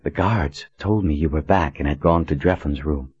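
A man voicing a level-headed woman officer who speaks calmly and firmly, sometimes under her breath. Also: extremely low pitch, normal speed, breathy edge, no room sound. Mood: hushed. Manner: calm, firm, sometimes hushed. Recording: dull dry recording.

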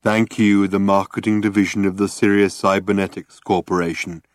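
A man's voice: deep voice, moderate pace, no echo, studio quality, natural voice. A man doing Marvin, a droning depressed robot. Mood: weary gloom. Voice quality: droning, weary monotone. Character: gloomy depressed male robot.

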